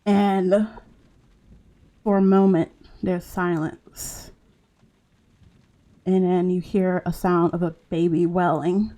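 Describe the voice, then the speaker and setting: A woman narrating a tabletop game as game master, halting and full of fillers as she describes scenes. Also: lowish voice, flat delivery, mellow. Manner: slow, halting narration with many fillers and restarts.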